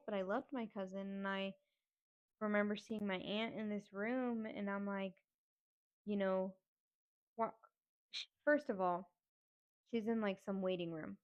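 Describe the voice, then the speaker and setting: A woman's voice: medium pitch, vocal fry, muffled recording. A woman hosting a podcast, telling a personal story in a raw, blunt and emotional way with frequent swearing. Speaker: podcast host.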